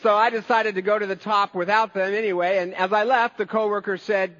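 A man's voice: sits high, fairly even intonation, a little fast, few pauses, fairly bright tone, in a large hall, highs cut off. A man preaching a sermon, telling stories in an earnest, conversational way. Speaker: pastor.

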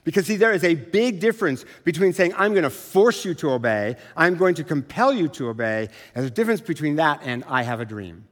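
A man's voice: a little high, big pitch swings, a little fast, few pauses, a bit bright. A middle-aged man preaching a sermon in a conversational, self-deprecating way. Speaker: pastor. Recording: long reverb of a large hall.

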